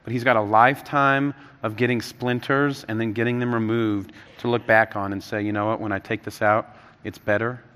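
A man in his thirties preaches in a storytelling way, his voice climbing and louder when excited and sinking soft and low for serious points. His tone is bright and forward. The sound carries the long tail of a large church hall. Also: moderate pace, clean tone. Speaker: pastor. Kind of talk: sermon.

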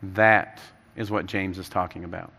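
Bright-voiced male preacher in a reverberant hall. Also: deep voice, steady tone, normal speed, vocal fry. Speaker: pastor. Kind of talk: sermon.

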